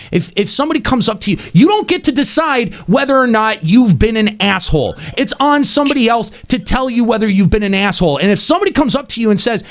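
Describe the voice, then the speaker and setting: A man hosting a gaming podcast, ranting emphatically and swearing in casual chat. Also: sits high. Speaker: podcast host.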